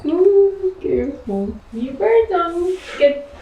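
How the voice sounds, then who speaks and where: A woman's voice: very high-pitched, lively intonation, takes it slowly, mellow, slight background noise. A woman from Brazil, making playful, teasing remarks off camera in a home kitchen. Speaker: host's wife. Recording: echoey kitchen, off-mic from far.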